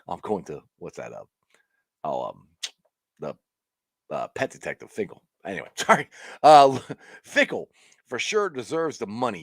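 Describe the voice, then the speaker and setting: A man hosts a casual sports chat on a live stream and talks through the games in a rambling, excitable way. His pitch rises and falls a lot, and the recording is dry and close to the mic. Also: no room sound. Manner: rambling and excitable, frequent restarts and laughs. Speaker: sports talk show host.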